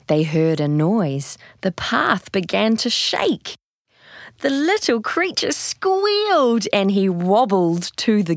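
A woman reads a children's picture book aloud at an unhurried pace. Her pitch rises and falls with lots of expression. The recording is close and dry. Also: dry recording. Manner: slow, expressive storytelling. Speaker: narrator.

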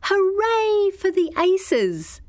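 Woman doing a shrill little girl fan. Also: very animated, takes it slowly, darkish tone, exaggerated voice. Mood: cheering. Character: loud, excited young girl football fan.

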